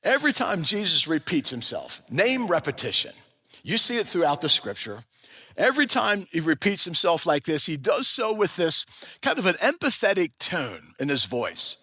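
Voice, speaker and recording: A man's voice: a little high, wildly swooping pitch, normal speed, pushed and bright, breathy edge. A man preaching a sermon to his congregation, retelling a story vividly and speaking to them directly. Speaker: pastor. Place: church sanctuary. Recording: long church-hall reverb.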